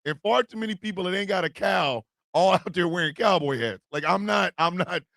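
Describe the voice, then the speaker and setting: A man hosting a comedy show, ranting in a profane, animated way with yelled bursts. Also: high-pitched, a little fast, creaky, dry recording, studio quality. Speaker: host. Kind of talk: comedic rant commentary.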